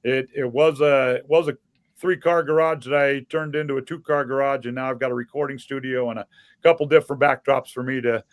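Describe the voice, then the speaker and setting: A man's voice: mid-range voice, steady tone, a little fast, no echo. A man chatting as a guest on a podcast from a home studio in a converted garage, rambling a little with plenty of fillers. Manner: rambling, hesitant, many fillers. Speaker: guest, former sports TV camera operator. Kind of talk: casual chat on a podcast.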